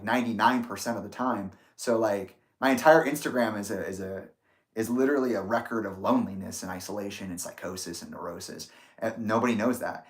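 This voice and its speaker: A podcast co-host talking candidly in casual chat, often restarting sentences. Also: medium pitch. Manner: candid and confessional, with stammered restarts.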